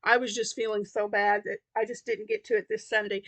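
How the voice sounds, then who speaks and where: A woman's voice: mid-range voice, flat delivery, a little fast, vocal fry, few pauses, a bit bright. A woman chatting casually on her crochet vlog, rambling with lots of fillers and restarts, sounding tired. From Tennessee. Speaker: crochet vlogger. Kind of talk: casual chat.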